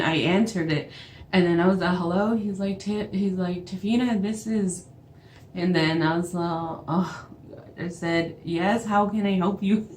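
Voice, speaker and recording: Young Navajo woman, storytime vlogger, low voice, animated retelling in a roomy space. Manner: animated retelling, acts out both sides of calls. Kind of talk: storytime vlog. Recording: echoey room with faint background noise.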